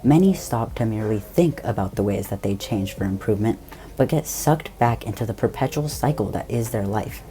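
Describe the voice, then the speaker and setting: A young man reading an essay aloud in a steady, formal way. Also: on the low side, brisk, slight background noise.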